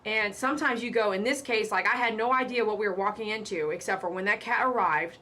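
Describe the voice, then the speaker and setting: A woman's voice: medium pitch, fast, pushed and bright. A woman who works as a pet groomer, hosting a live stream in a casual, emphatic way and repeating her warnings with chatty asides.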